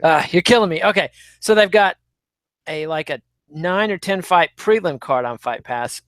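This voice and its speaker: A man with a fairly high voice banters wryly and teasingly as a podcast co-host while leading the rundown. His voice sounds close and dry, with no room echo. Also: a bit bright. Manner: wry, teasing, runs the show's rundown. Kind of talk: casual comedic chat.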